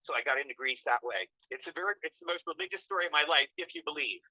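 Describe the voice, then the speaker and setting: Older guy rattling off showbiz stories fast, bright sharp voice, does silly voices for quotes, dry sound. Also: a little high, no room sound, poor audio. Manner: animated, acts out quotes in funny voices. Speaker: guest actor. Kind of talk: storytelling interview.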